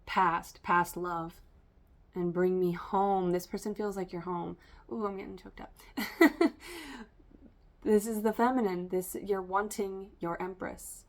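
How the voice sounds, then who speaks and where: A woman's voice: medium pitch, steady tone, slow. Woman, tarot reader, casual spiritual reading, rambling, lots of fillers. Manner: rambling, stream-of-consciousness, many fillers.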